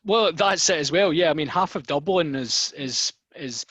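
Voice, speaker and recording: A man's voice: on the high side, expressive, normal speed, fairly bright tone, slightly rough, no room sound. A man in casual podcast banter, teasing the others and often stumbling over repeated words.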